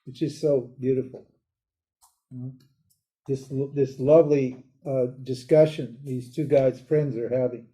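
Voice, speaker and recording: Animated older man teaching, bright. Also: mid-range voice, a little slow, soft background music. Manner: casual, animated, laughs often, mimics voices. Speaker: Vedanta teacher. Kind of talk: live lecture.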